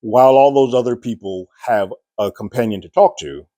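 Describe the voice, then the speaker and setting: A man giving a casual, chatty review of a TV episode, animated and laughing at what happened. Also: medium pitch, moderate pace, no room sound, clean studio sound.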